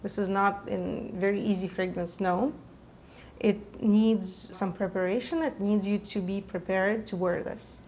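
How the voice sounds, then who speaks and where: A woman's voice: medium pitch, fairly even intonation, a little slow, a little mellow, a little hiss or hum. Enthusiastic woman reviewing perfumes, slightly dull recording. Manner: enthusiastic, emotional, rambling with fillers. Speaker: fragrance vlogger. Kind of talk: casual product review to camera.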